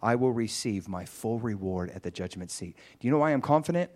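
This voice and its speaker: Male preacher, testimony-style sermon; lively storyteller, spikes high when excited. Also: fairly quick. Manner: animated storytelling with sudden high excited bursts.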